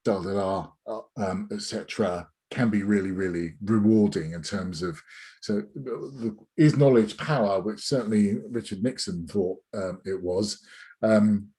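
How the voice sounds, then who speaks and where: A middle-aged man speaks over a video call as a sales trainer, his voice low and husky with a mellow, dark tone. He rambles through his points with frequent restarts and fillers. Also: unhurried.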